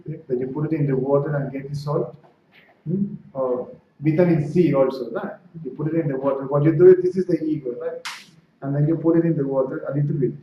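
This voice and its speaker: A spiritual teacher speaks briskly in a fairly high, steady voice during a satsang for a small audience. Conversational throughout, he frequently checks understanding with "right?" and "see?" and enacts dialogue while telling stories. The audio is distant and echoey, with a dull lo-fi quality and faint noise.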